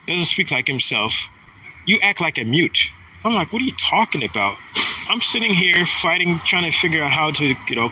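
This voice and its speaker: A man's voice: a little high, bright, forceful tone, slight background noise, rough recording. A man in his thirties talking in a rambling, aggrieved monologue, often restarting his sentences. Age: 30s. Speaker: vlogger. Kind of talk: casual monologue.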